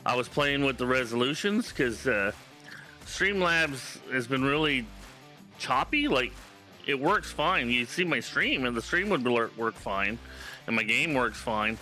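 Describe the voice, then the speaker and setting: A man from Canada streaming games, chatting casually and telling stories in an animated, profane way. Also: mid-range voice, measured pace, soft background music. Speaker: game streamer. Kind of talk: casual live-stream chat.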